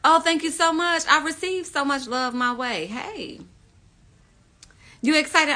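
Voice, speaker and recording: A woman with a bright, forward voice hosts a casual phone livestream from home. She greets viewers warmly with "y'all" and then speaks earnestly and bluntly about anger and healing, dropping in a curse word here and there. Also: high voice, a little slow, pauses often. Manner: casual, swears freely, uses "y'all". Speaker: livestream host, spiritual teacher. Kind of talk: casual livestream chat and spiritual talk.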